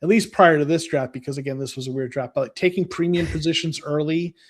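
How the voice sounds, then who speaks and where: A man's voice: on the high side, fast. A man talking as a football fan guest, rambling with lots of restarts and fillers. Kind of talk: casual podcast chat.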